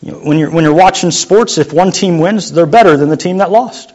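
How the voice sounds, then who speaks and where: A young adult man preaching a sermon as a youth pastor, in a conversational, joking way that sometimes drops to a quiet voice. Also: a little high, fairly quick. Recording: muffled lo-fi sound.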